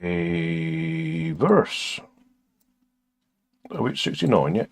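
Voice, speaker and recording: A man's voice: on the low side, huge pitch swings, extremely slow, creaky, slightly rough. An older man chatting casually on a live stream while recording music, sardonic and crude, muttering to himself as he works.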